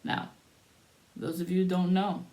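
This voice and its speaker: A woman with a lowish voice tells a spiritual story at a very unhurried pace. She draws out her phrases with pauses between them, and her tone stays soothing throughout. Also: flat delivery, mellow.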